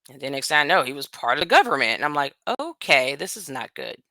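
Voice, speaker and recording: A woman's voice: low-pitched, animated, bright, forceful tone, no room sound. Blunt woman ranting on her vlog. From United States. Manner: blunt, profane, ranting, quick asides. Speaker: vlogger. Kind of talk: casual political commentary to camera.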